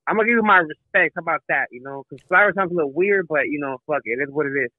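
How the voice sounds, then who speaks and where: A man's voice: fairly high pitch, very fast, no echo, phone-quality sound. A man calling in to a radio show, asking questions in a hesitant, rambling way. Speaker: caller. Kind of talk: call-in question.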